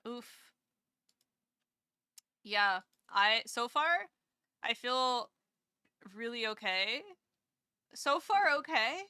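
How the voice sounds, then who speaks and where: A woman's voice: a little high, animated, very slow, long pauses, bright, forceful tone, smooth, dry recording, studio quality. A woman VTuber streamer chatting casually with her viewers live, rambling and self-deprecating, gushing over kind messages.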